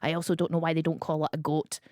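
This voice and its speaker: A woman's voice: deep voice, little pitch movement, quick pace, darkish tone, dry recording. A woman hosting a radio show in a studio, chatting casually, laughing often and jumping between tangents. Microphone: studio microphone.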